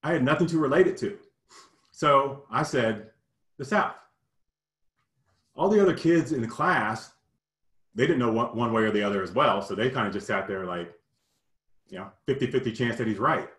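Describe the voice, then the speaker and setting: A man's voice: medium pitch, a bit bright, echoey room. Earnest man telling a personal story. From Kentucky, US South. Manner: earnest, halting, many "you know" fillers.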